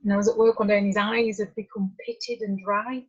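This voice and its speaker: Middle-aged woman speaker, husky, candid storytelling, muffled lo-fi recording. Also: mid-range voice, flat delivery, a little fast. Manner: candid, conversational, drifting asides. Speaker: workshop speaker. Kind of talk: personal storytelling talk.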